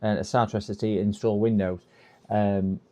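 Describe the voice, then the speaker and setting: A man's voice: fairly low pitch, little pitch movement, moderate pace, warm tone. A man on a live repair stream, thinking aloud and reading instructions half to himself with hesitant fillers. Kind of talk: casual live-stream chat. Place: repair workbench.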